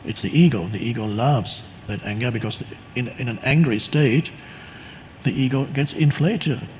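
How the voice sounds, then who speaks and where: A man giving a calm, unhurried spiritual teaching talk, reflective and often restarting his sentences. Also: mid-range voice, a little hiss or hum, rough recording.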